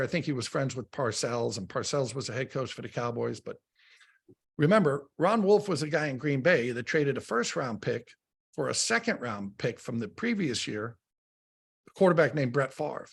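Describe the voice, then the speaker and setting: A middle-aged radio football analyst tells stories in casual sports talk, animated and often repeating words as he begins a thought. His mid-range voice is creaky and husky, moving at a normal speed.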